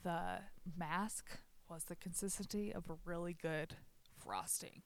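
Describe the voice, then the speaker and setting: A woman's voice: fairly low pitch, steady tone, measured pace, creaky. A young woman hosting a podcast, talking candidly and rambling, laughing often. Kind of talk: casual chat.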